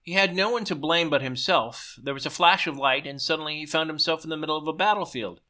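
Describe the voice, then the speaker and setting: A man's voice: on the high side, fast talker, sharp tone. A man reading his own story aloud, stumbling and correcting himself as he goes.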